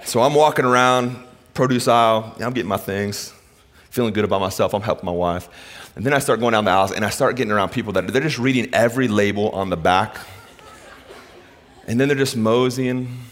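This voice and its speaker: A middle-aged man preaching a sermon, telling stories and moving from hushed lines to emphatic ones. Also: fairly low pitch, brisk, a little hiss or hum. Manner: storytelling, swings from hushed to emphatic. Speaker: pastor.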